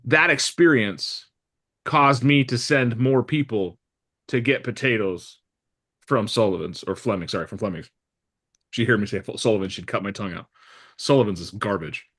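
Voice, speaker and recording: A man giving a live real estate training talk to a room, lively and blunt, acting out little dialogues with jokes. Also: lowish voice, normal speed.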